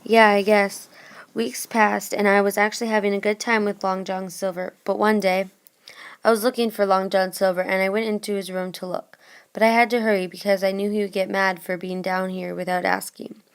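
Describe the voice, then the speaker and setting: A woman's voice: medium pitch, little pitch movement, a little fast, gravelly, clean tone. Woman casually retelling a story. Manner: casual, plain reading. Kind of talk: retelling a story in first person.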